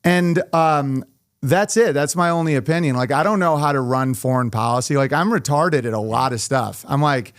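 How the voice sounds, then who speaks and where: A man talks with a comic's animated energy, chatting loosely as a podcast guest and breaking into quick mocking impressions. His voice sits a bit high for a man, and the studio sound is close and dry. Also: no room sound. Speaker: comedian guest. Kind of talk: casual podcast chat.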